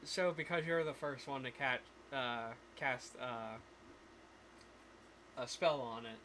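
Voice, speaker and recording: A man acting as game master on a live stream, thinking aloud with many pauses as he runs the scene. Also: mid-range voice, sharp tone, a little hiss or hum.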